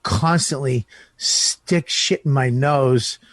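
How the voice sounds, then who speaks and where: A man's voice: mid-range voice, takes it slowly, fairly bright tone, dry recording. A man on a radio show, teasing and swearing freely in casual banter. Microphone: studio microphone.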